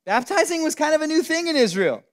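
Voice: high-pitched, sing-song, quick pace. A Bible teacher giving a casual, emphatic teaching, talking conversationally with frequent "like" fillers.

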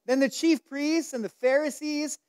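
A male pastor preaching a sermon at a church service, telling Bible stories with lively, acted-out quotes. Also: extremely high pitch, normal speed. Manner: animated storytelling, acts out quoted lines.

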